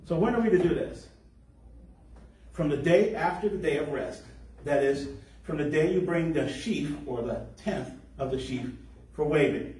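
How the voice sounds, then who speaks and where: Man, sermon, mellow slightly high voice, distant mic, echoey room. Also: normal speed. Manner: explanatory, stretches key words for emphasis. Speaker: congregation teacher. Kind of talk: sermon on scripture.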